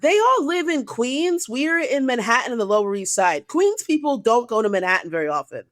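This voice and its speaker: A woman comedian telling a dating story on a podcast, profane and animated, acting out the people she quotes. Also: on the high side, fairly quick, dry recording. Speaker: guest comedian.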